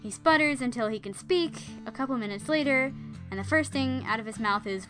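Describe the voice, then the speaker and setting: A woman's voice: sits high, animated, brisk, over music. A woman casually retelling an old legend for her listeners, playful, with jokey asides. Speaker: storyteller. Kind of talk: casual storytelling.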